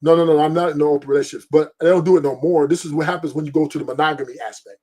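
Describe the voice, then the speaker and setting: A man's voice: on the high side, fairly even intonation, rapid-fire, a little mellow. A middle-aged man hosting a stream, talking bluntly and profanely in a rambling, casual way and laughing often. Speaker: podcast host. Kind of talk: casual opinion talk on a live stream.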